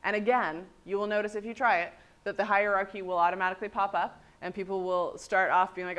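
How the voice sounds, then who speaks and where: A woman trainer presenting a workshop, lively and animated, often checking in with "right?". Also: medium pitch, brisk, clean tone.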